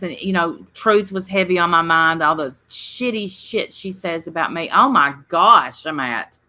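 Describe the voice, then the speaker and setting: A chatty woman hosting a casual livestream. Her voice is bright and forward. She tells rambling stories and talks straight to the people in her chat. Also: fairly low pitch. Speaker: livestream host.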